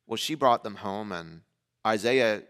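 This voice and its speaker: A man preaching a sermon as a pastor, telling a family story in a casual, conversational way and acting out the dialogue with lively energy. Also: lowish voice, measured pace. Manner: animated storyteller who acts out dialogue.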